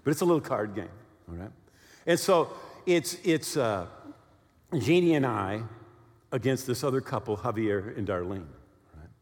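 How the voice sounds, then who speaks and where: A man in his sixties preaching a sermon, telling stories with lively asides and often asking his listeners "right?". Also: medium pitch, normal speed, long pauses. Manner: animated storytelling with many "right?" check-ins. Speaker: pastor. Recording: long hall reverb.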